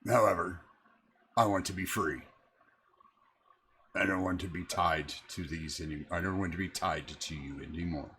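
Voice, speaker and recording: A man voicing a proud male water elemental who is tired of being summoned, speaking slowly and heavily. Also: low voice, bright, forceful tone, a little hiss or hum, pitched below the performer's own voice. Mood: resentful. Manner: slow, heavy, resentful.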